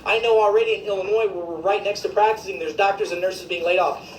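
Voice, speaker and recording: A woman's voice: mid-range voice, steady tone, fast. A woman physician, delivering an indignant, emphatic, profane rant to her viewers. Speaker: physician commentator. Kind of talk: ranting video commentary. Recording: echoey room, faint background noise.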